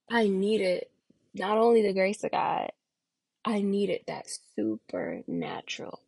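A woman's voice: mid-range voice, gravelly, no room sound. A woman in her thirties hosting a faith podcast, speaking earnestly and preachily, with many rhetorical questions. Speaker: podcast host.

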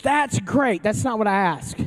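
A pastor giving a sermon to a room full of people, talking casually rather than reading. The voice sits at a middle pitch, stumbles and restarts often, and keeps turning to the audience with questions. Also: lively intonation, measured pace. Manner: conversational and joking, with frequent restarts. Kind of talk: sermon to a live congregation. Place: church service before an audience, also streamed online.

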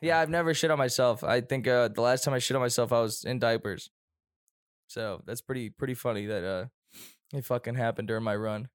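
A young man telling a story in casual chat, animated, laughing often and swearing heavily. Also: mid-range voice, fairly quick, clean tone, dry recording, studio quality.

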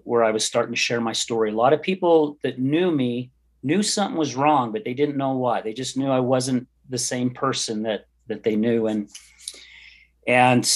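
A middle-aged man telling his personal story as a podcast guest, earnest, heartfelt and candid. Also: medium pitch. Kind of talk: personal testimony in an interview.

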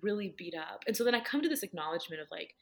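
A woman's voice: mid-range voice, animated, very fast. A woman talking casually about her faith, telling earnest personal stories and filling her speech with "like". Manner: earnest storytelling, heavy use of "like".

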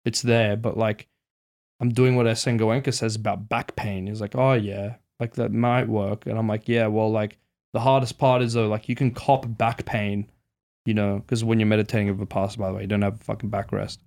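A man's voice: on the low side, level tone, fairly quick, a little mellow. A young man telling his mates a story in casual chat, swearing a lot and acting out his own panicked thoughts. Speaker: podcast host.

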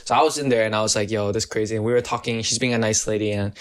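A man's voice: lowish voice, steady tone, rapid-fire. A teenage boy in casual chat, telling a rambling story full of slang and swearing. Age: teens.

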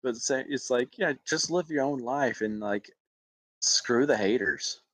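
A man's voice: mid-range voice, unhurried, fairly bright tone, no echo. A man from Alabama, an actor, telling personal stories in a casual interview. He laughs often and acts out other people's voices.

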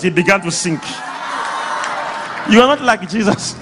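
A man preaching a sermon to a congregation, drawing replies from the crowd and breaking into shouts and laughter. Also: sits high, moderate pace, over music. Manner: animated, bursts into shouts and laughter. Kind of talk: sermon with call-and-response.

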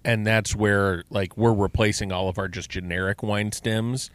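A man's voice: lowish voice, steady tone, moderate pace, no room sound. A middle-aged man co-hosting a podcast, chatting casually and enthusiastically and asking lots of questions. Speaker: podcast co-host. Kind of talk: casual chat.

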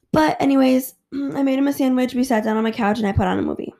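Brief: woman podcast host, candid and profane storyteller, gravelly fry, a bit high. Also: fast talker, hardly any pauses, dark tone. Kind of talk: casual storytelling.

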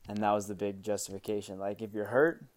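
Young guy, lowish voice, easygoing, lots of "like" fillers, podcast guest. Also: fast talker. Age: young adult. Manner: relaxed, leans on "like" fillers. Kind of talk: casual chat.

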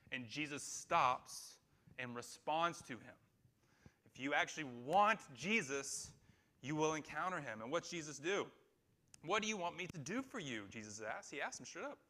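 Bright-voiced male pastor preaching. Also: on the high side. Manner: conversational preaching, asks the room questions. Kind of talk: sermon. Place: small church room.

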